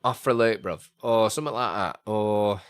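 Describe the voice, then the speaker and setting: A man's voice: on the low side, moderate pace. A man chatting casually on a live stream, thinking aloud and answering chat as he goes.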